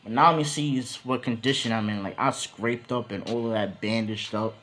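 A man's voice: mid-range voice, fairly even intonation, normal speed, fairly bright tone, soft background music. A young man casually telling an improvised story, slangy and rambling with lots of fillers.

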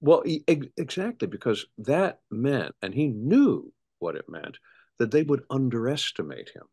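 A middle-aged man, a historian, speaking as an interview guest in an animated storytelling way with frequent restarts. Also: mid-range voice, moderate pace, breathy edge. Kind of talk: conversational interview.

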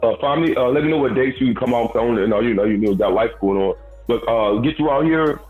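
A man hosting a casual podcast chat, animated and teasing, repeating himself as he talks. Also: medium pitch, quick pace, soft background music. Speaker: podcast host. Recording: roomy, phone-like sound.

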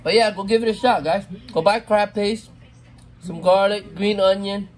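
A middle-aged man casually talking viewers through cooking crawfish outdoors, savoring the food with drawn-out mms. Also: high voice, steady tone. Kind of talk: casual cooking vlog talk. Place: outdoors at a campsite.

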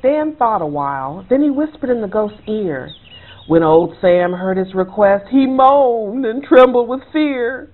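A woman author reading her own children's book aloud as a bedtime story, with an expressive, rhythmic delivery. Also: mid-range voice, measured pace. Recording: tinny phone-like sound, faint music.

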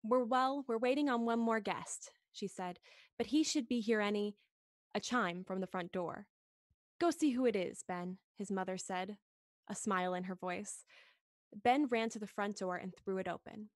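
Woman, podcast host, read-along storytelling, expressive, medium pitch, dry close sound. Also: no echo.

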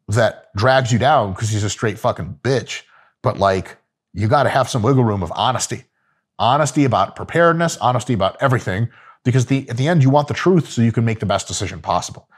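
A man's voice: medium pitch, lively intonation, brisk, breathy edge. A man giving casual, profane, joking coaching talk about gym training. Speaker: fitness coach.

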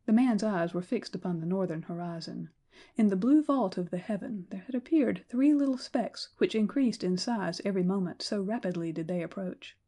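A woman narrating an audiobook in a measured, storytelling manner. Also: medium pitch, mellow. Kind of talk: scripted narration.

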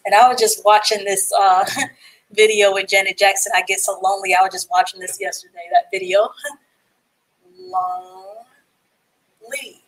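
A woman's voice: medium pitch, monotone, fairly quick, fairly bright tone, poor audio. A woman teaching a live online reading class, sounding out and spelling words letter by letter.

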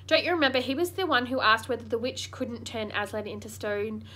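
A woman voicing a gentle, anxious young girl in a storybook reading. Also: on the high side, a little fast. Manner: soft and pleading.

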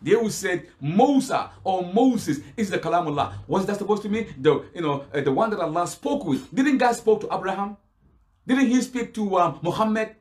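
A man with a notably high-pitched voice delivers an argumentative sermon. He keeps throwing out rhetorical questions and answering them himself, pressing his rebuttal point by point. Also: animated, moderate pace, a little mellow. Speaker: Islamic preacher. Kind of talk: preaching rebuttal to a lecture crowd.

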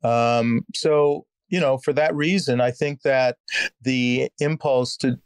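A man with a Canadian accent, an actor talking as an interview guest, thoughtful and unhurried, with frequent fillers and restarts. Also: mid-range voice, steady tone, smooth, no room sound. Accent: Canadian English. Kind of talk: reflective conversational interview.

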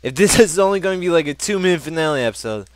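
Brief: young male let's-player, lively up-and-down pitch, joking and chatty. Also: very fast. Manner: animated, joking, reads game text aloud. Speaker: gameplay commentator. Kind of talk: casual let's play commentary.

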